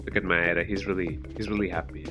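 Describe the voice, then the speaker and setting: A man's voice: low voice, fairly even intonation, fast talker. A man chatting casually while streaming a video game, rambling with many restarts. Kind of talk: casual live-stream commentary. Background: game music.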